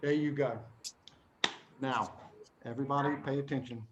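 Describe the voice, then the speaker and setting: A man's voice: mid-range voice, moderate pace, muffled recording. Playful man teaching a classroom writing lesson. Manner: playful, animated, acts out examples in little voices; talks to young students, often hushes the class. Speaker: English teacher.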